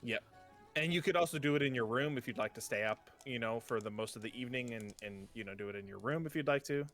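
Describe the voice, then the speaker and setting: A man's voice: medium pitch, fast talker, fairly bright tone, soft background music. Rambling male game master. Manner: rambling, many fillers and restarts. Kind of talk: narrating a tabletop game.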